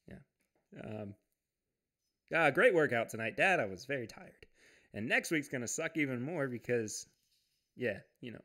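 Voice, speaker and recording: A man's voice: mid-range voice, lively intonation, normal speed, long pauses, sharp tone. A man hosting a casual livestream from home. He reads viewer comments aloud, chats loosely, laughs often and restarts his sentences. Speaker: podcast host.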